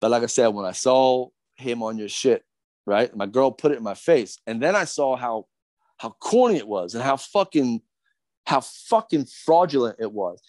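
A man's voice: medium pitch, animated, moderate pace, a little mellow, no room sound. A middle-aged man from Philadelphia, a podcast guest ranting in a profane, agitated, rambling way with many restarts. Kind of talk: heated podcast rant.

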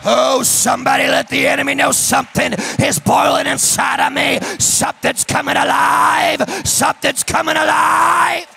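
A young man preaching a hyper, emotional Pentecostal sermon in a church, fast-talking and shouting out his lines. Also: extremely high pitch, flat delivery, gravelly, soft background music, some chatter behind. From St. Louis. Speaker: guest preacher. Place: church sanctuary.

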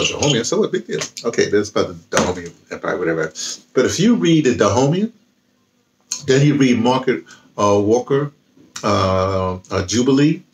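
A man with a low voice talks casually about novels he has been reading. He rambles and restarts his sentences often. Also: slight background noise. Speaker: vlogger. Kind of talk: casual book talk with reading aloud.

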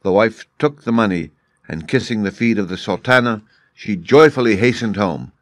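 Man, measured story narration for English learners, low voice, dry close sound. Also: expressive, no echo.

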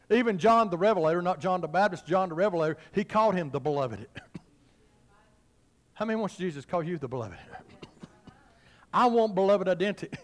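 A middle-aged preacher man with a strikingly high voice, delivering a revival-style sermon in a church. He swells into fervent, near-shouted exhortation and chuckles between his lines. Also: lively intonation, normal speed, long pauses. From western Kentucky, USA. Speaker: pastor. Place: church sanctuary.

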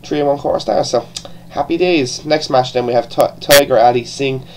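A man's voice: medium pitch, moderate pace, a little hiss or hum, poor audio. A man with an Irish accent giving a casual, rambling review, full of restarts and the odd swear word. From born in England, raised partly in Ireland. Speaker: wrestling show reviewer.

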